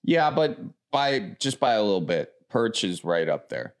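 A man from the American Midwest answering rapid questions in an easygoing, rambling way. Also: lowish voice, sing-song. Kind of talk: casual chat.

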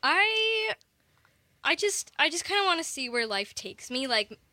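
Teenage girl, radio studio guest, very high voice, hesitant, lots of fillers. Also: big pitch swings, a little slow, bright, forceful tone, dry recording. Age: teens. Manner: hesitant, many fillers and restarts. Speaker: guest singer-songwriter. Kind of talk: casual radio interview.

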